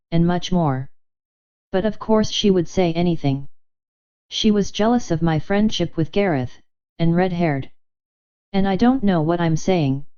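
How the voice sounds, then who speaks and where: A woman's voice: on the low side, mellow, clean tone, lo-fi sound, natural voice. A woman reading the part of a young woman putting on a silly, flustered act, babbling breathlessly.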